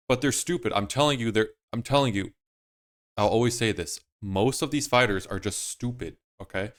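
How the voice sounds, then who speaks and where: A man's voice: mid-range voice, a little fast, a bit bright. A man hosting his own commentary video, talking casually in a rambling, emphatic, opinionated way. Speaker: MMA YouTuber host.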